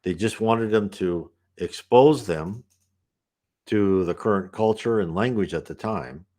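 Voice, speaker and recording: A man's voice: fairly low pitch, measured pace, dark tone. A man talking casually and at length, explaining a spiritist book in a loose, conversational way. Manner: rambling and conversational.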